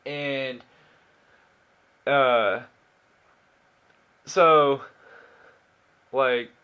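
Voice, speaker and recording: A man's voice: mid-range voice, steady tone, drawn-out words, bright, forceful tone, smooth. A nineteen-year-old man telling a story in a casual, rambling way, with lots of swearing, fillers and restarts.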